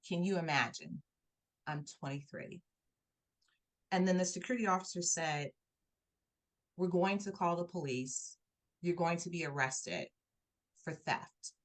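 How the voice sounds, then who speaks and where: A woman guest on an interview show, telling a personal story in conversation and acting out the people in it with her voice. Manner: animated, acts out quoted voices with rising pitch.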